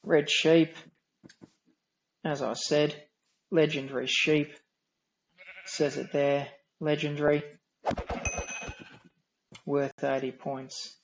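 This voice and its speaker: An Australian man with a nasal, droning voice, giving dry, wry, unhurried commentary while streaming a game. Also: on the high side, flat delivery, lo-fi sound, slight background noise. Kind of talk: casual gameplay commentary.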